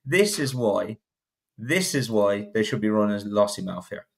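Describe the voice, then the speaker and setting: A man's voice: lowish voice, lively intonation, a little slow, vocal fry. A man giving blunt, opinionated horse racing takes on a casual podcast, often restarting sentences. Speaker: podcast panelist.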